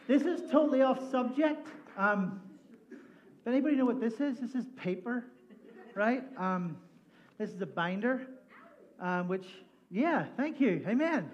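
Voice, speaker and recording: A man's voice: very high-pitched, a little mellow, lo-fi sound. A man opening a sermon as a pastor in front of a church congregation, chatty and playful with lots of energy. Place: church hall.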